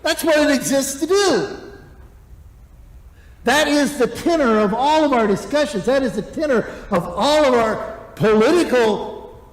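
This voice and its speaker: A high-pitched male pastor preaching with lively, animated delivery. His voice rings out in a roomy hall with a long echo behind it. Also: unhurried, long pauses. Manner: animated, acts out grumbling voices. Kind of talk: sermon.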